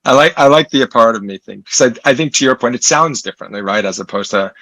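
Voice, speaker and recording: A man's voice: mid-range voice, animated, fast talker, a bit bright, dry recording, low-quality recording. A man from Puerto Rico hosting an interview, asking thoughtful questions and tagging on "right?". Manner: thoughtful, frequent "right?" tags and restarts. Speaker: interview host. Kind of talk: conversational interview.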